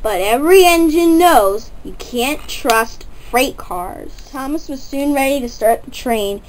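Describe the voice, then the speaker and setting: A woman's voice: sits high, animated, unhurried, darkish tone, slight background noise, low-quality recording. A woman narrating a toy-train story for children, stopping to quiz young listeners.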